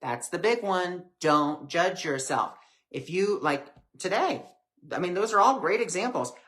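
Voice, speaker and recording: A man hosting a live stream, giving a reflective spiritual talk with gentle, repetitive phrasing and many fillers. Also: high voice, sing-song, normal speed. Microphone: webcam or phone on a live stream.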